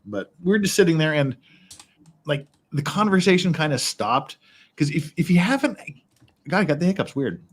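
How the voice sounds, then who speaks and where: A man's voice: a little high, very animated, normal speed, husky. Man telling rambling stories casually. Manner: rambling storyteller, swears freely, laughs often. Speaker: livestream host. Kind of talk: casual chat. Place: his house in Korea.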